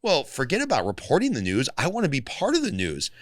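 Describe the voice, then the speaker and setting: Fast-talking, joking male podcast host. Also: a little high, no room sound, studio quality. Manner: animated, joking, swearing freely. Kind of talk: casual podcast conversation.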